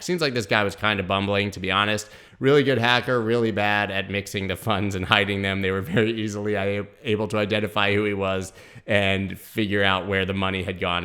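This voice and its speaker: A man hosting a crypto news show, giving brisk, opinionated market commentary straight to his viewers. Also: lowish voice, a bit bright.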